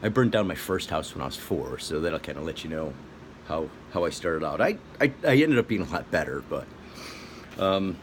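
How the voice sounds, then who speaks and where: A man's voice: a bass voice, sing-song, moderate pace, slight background noise. A middle-aged man from the United States talking casually to camera, rambling and drifting off on tangents. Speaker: vlogger.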